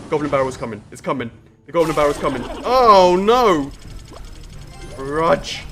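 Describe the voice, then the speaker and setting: Excitable man calling a live game. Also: fairly high pitch, a little fast. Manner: excitable, groaning and playfully trash-talking his opponent. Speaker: streamer and show host. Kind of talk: live gameplay commentary. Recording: game music playing under the voice. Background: game music.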